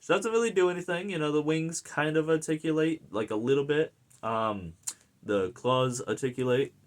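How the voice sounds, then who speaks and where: Rambling, excited American guy. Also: on the high side, normal speed. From United States. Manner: rambling and enthusiastic, full of fillers and restarts. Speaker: movie reviewer. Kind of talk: casual film review chat.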